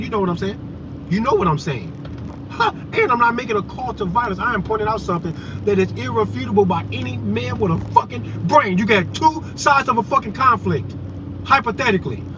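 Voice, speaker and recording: High-pitched guy ranting and cussing at viewers from a car, muffled lo-fi audio, loud road noise. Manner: heated, profane, confrontational. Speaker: vlogger.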